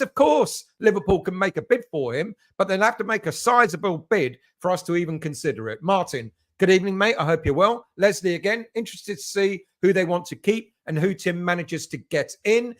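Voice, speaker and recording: A man's voice: high voice, a bit bright. A middle-aged man from England hosting a live fan stream, chatting casually and greeting each viewer as mate.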